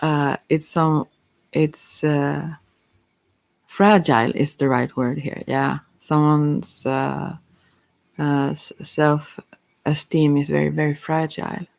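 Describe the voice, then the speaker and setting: A softspoken ASMR psychic with Swedish as a first language, giving a halting, hesitant chakra reading while teary-eyed. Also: mid-range voice, level tone, gravelly. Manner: halting, hesitant, with many fillers. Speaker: psychic card reader.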